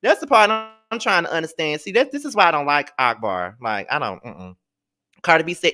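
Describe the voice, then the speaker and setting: A man hosts a live gossip show with a bright, forceful voice, sassy and blunt. He talks straight to his viewers, swears freely and calls them "child" while he reacts. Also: mid-range voice, expressive, unhurried, clear, resonant tone. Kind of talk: live celebrity gossip commentary.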